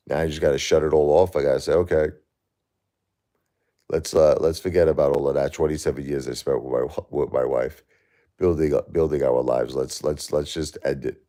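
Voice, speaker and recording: A man's voice: a bass voice, mellow. A man in his forties, a livestream host, talking heatedly and repetitively in an emotional chat with a viewer.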